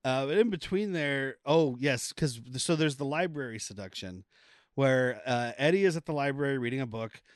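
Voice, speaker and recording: A man co-hosting a movie podcast, casually retelling scenes in an animated way. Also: mid-range voice, moderate pace, no room sound, clean studio sound. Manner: animated retelling, acting out quoted lines. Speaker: podcast co-host. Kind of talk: casual movie-review chat.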